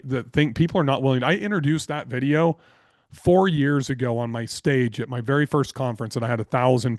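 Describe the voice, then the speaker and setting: A man speaking as a podcast guest, spinning business anecdotes in a blunt, energetic, casual way with plenty of swearing. His voice sits at a middle pitch for a man. The sound is dry, with no room echo. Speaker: podcast guest, real estate investor. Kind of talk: casual interview storytelling.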